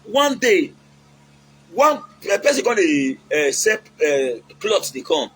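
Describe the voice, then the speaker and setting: A man's voice: high-pitched, very animated, slow, a bit bright, breathy edge, rough recording. A man with a Nigerian accent giving casual, preachy relationship advice, mixing in Pidgin and acting out quotes.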